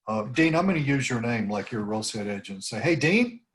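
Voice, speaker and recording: Over a video call, a man runs a loose team meeting coaching cold calls, wandering through tips and acting out sample lines with rising intonation. He speaks quickly in a lowish voice with lively inflection.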